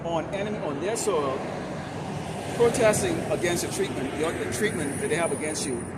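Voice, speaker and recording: Confrontational street preacher, man, loud traffic. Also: a little high, moderate pace. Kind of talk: open-air sermon.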